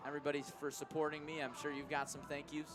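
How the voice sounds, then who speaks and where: A man's voice: on the high side, monotone, fast. A young man giving color commentary on a baseball radio broadcast, talking enthusiastically and thanking people. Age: young adult. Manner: enthusiastic, grateful, rambling. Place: outdoor ballpark broadcast booth. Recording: ballpark crowd noise behind.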